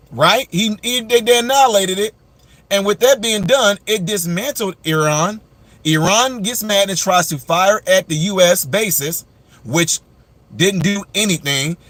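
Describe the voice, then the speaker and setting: A man's voice: sits high, a bit bright, dry recording. A man hosting a casual live-stream news commentary, chatting straight to his viewers and ranting animatedly. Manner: chatty, addresses viewers directly, rants animatedly. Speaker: commentator and channel host.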